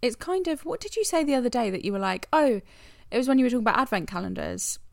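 A woman's voice: on the high side, lively intonation, quick pace, gravelly, dry recording, clean studio sound. A woman with a British accent co-hosting a podcast in casual, frank chat, swearing now and then. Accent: British English. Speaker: podcast co-host.

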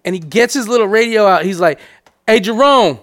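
A man with a high voice tells a long story in casual chat. His talk is loose and profane. When he quotes people, he drops into a low, quiet mumble. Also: fast.

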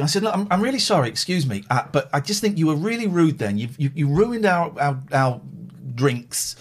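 Guy on a chat show, husky, super animated, rambles and does voices. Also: fairly high pitch, brisk. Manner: rambling, lively, mimics others. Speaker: podcast host.

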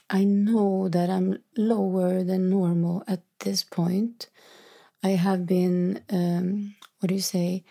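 A woman talking through a recent hard day in a reflective, halting monologue, sometimes dropping into whispery asides. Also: medium pitch, gravelly, warm tone, breathy edge. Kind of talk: personal confessional monologue.

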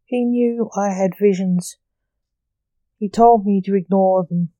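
A woman reading the lines of an anxious seventeen-year-old goth boy in a storybook reading, in her own even, unhurried voice. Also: medium pitch, no room sound, dull audio, natural voice. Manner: anxious, apologetic. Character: teenage goth boy with dark visions.

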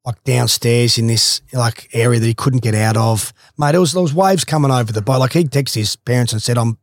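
A man's voice: medium pitch, a little fast, no echo, studio quality. Laid-back man telling a story. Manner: animated, swears freely, laughs mid-story. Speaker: guest, former footballer. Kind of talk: casual storytelling.

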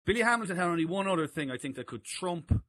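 A man's voice: high voice, lively intonation, fast, fairly bright tone. A man co-hosting a podcast, telling amused anecdotes in casual chat. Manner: chatty anecdotes, amused, laughing asides. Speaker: co-host.

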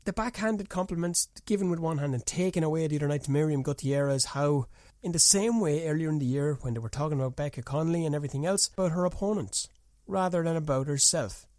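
Male pundit, higher-pitched, dry close sound, heated rhetorical rant. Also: fast talker, dry recording. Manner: indignant, rhetorical ranting with sharp pitch jumps. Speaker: boxing pundit. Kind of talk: opinionated monologue.

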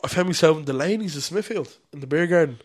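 A man's voice: on the high side, fast talker. Irish man telling pub stories. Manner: storytelling, laughs often, swears casually. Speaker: podcast co-host. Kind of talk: casual chat.

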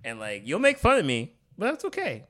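A man's voice: a little high, huge pitch swings, fairly quick, bright, forceful tone. A man co-hosting a casual comedic chat, rambling with lots of "like" and laughter. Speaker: podcast co-host.

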